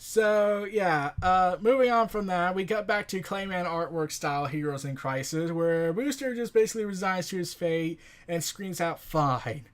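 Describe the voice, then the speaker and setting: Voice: mid-range voice, normal speed, hardly any pauses. A comic book reviewer recapping an issue in a rambling, joking, casual way. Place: home recording setup.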